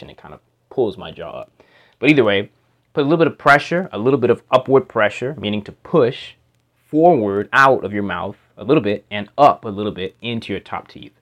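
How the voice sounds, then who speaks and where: A man with a somewhat low voice teaches pronunciation into a home microphone. He explains step by step, slowly repeating practice words and single sounds so the learner can copy them. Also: fairly bright tone. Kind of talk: instructional explanation.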